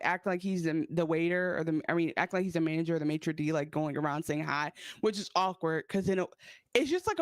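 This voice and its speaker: A woman's voice: fairly low pitch, no echo. A woman co-hosting a casual TV recap podcast, chatting and acting out characters' lines. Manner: animated, acts out characters' lines. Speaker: podcast co-host.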